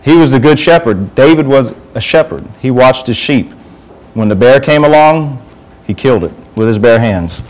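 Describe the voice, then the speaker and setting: A man's voice: medium pitch, animated, normal speed, a little mellow, rough recording. A man giving an informal sermon to a youth group, talking conversationally and asking the group questions.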